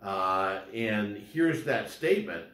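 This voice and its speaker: A man with a fairly low voice lectures on law in a loose, conversational way, circling back and repeating words as he works through each point. The recording has a noticeable roomy echo. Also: lively intonation, slow, a bit bright.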